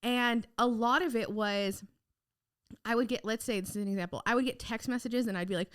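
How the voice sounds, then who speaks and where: A young woman with a clean, higher-side voice talks fairly fast as a podcast guest, frank and casual in the interview. She tells lively stories, acting out what others said, and drops the occasional casual swear word.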